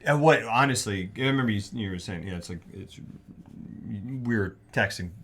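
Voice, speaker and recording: A man's voice: lowish voice, lively intonation, moderate pace, a bit bright, a little hiss or hum. A man co-hosting a live film discussion stream, chatting casually in a jokey, rambling way with frequent restarts. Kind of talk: casual chat.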